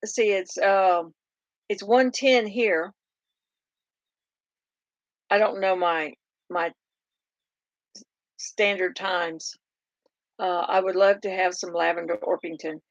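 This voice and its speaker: A woman's voice: medium pitch, slow pace, long pauses, no room sound, muffled recording. A middle-aged woman from Oklahoma with a Southern drawl, hosting a casual live farm chat and answering viewer comments in a rambling way with lots of fillers. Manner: chatty and rambling, many fillers and restarts. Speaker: farm livestream host.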